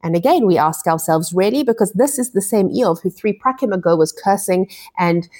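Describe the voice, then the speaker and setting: A woman's voice: mid-range voice, animated, normal speed, dark tone, slightly rough. A woman teaching a Torah lesson, explaining each verse and restarting phrases as she goes. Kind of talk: scripture lesson.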